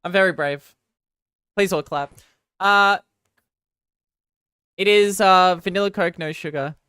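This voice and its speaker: Smooth-voiced rambling Australian woman streamer. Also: lowish voice, takes it slowly, a bit bright, no room sound, studio quality. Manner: rambling, self-mocking, answers viewers' chat between game moments. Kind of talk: casual live-stream chat.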